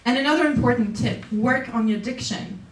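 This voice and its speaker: A woman gives an animated keynote speech in a conference hall, laughing easily between points. Her voice sits a little high. She is heard from some distance across an echoey room. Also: normal speed. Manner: lively, laughs often, acts out quoted people. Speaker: keynote speaker. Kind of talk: motivational public speech.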